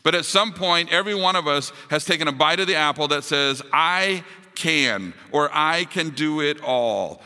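A man preaching a sermon as pastor, building to emphatic high points and dropping to soft, quiet appeals. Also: moderate pace, few pauses, long reverb tail. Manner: rises to emphatic peaks, drops to soft closing appeals.

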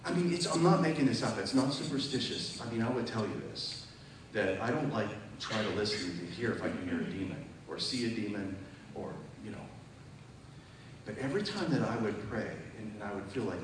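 A man's voice: lowish voice, lively intonation, fairly quick, background noise. A man preaching a testimony sermon at a church service, emphatic and conversational, often asking the audience questions. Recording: very echoey hall, mic far off.

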